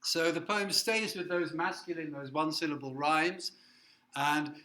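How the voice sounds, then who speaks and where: A man with a bright, slightly raised voice gives a literature lecture. He explains patiently, keeps checking that his listeners follow, and reads verse aloud slowly. The sound rings in a roomy classroom. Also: fairly high pitch. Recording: echoey room.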